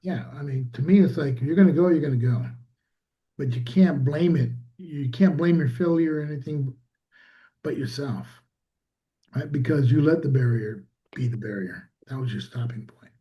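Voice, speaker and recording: A man's voice: mid-range voice, normal speed, dull audio. A man, a small business owner, telling a story in casual conversation and acting out quoted dialogue.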